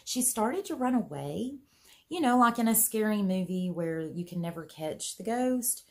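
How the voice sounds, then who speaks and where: A woman vlogger telling a personal story in a casual, earnest way, full of "you know" fillers, her voice jumping higher when she gets excited. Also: normal speed. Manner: chatty, earnest, pitch swings high when excited; many "you know" fillers, folksy grammar.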